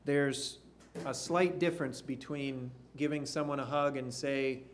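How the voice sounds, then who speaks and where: A man preaching a sermon in an earnest way, sinking to a hush on key phrases. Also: medium pitch, fairly even intonation, measured pace, slight background noise. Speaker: pastor.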